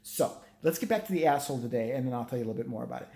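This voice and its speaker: A man's voice: medium pitch, lively intonation, rapid-fire, vocal fry, mellow. Male vlogger, crude sarcastic rambling storyteller, roomy echoey sound. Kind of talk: profane ranting storytelling. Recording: roomy echo.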